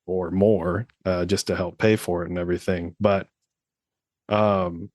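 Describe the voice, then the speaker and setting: A man's voice: low-pitched, little pitch movement, measured pace, a little mellow, dry recording, studio quality. A man in his thirties co-hosting a podcast, chatting casually, rambling with lots of fillers and swearing freely. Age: 30s. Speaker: podcast co-host. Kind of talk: casual chat.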